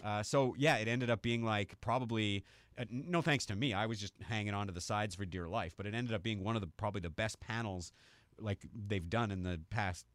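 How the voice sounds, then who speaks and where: A man's voice: on the low side, brisk, no room sound. A man from Canada hosting a casual chat, talking easily with many fillers. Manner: chatty, many fillers and laughs. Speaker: podcast host.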